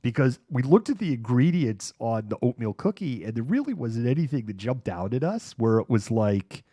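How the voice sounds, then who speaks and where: A man with a medium-pitched, mellow voice full of big pitch swings talks at a moderate pace on his casual livestream. He rambles through a story, laughs a lot, and acts out voices from the anecdote, captured in dry studio quality.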